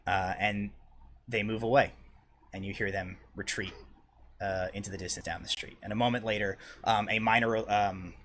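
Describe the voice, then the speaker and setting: A man's voice: fairly low pitch, steady tone, normal speed, a bit bright, slight background noise. A man narrating as game master in a live tabletop game, with frequent ums and uhs. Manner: hesitant, many ums and uhs.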